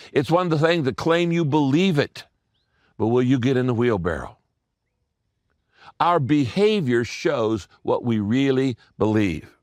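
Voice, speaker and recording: A man preaching a sermon as a pastor, telling stories, speaking straight to his listeners, repeating key lines and dropping his voice low to press a point home. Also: no echo, clean studio sound. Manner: earnest, direct address to listeners.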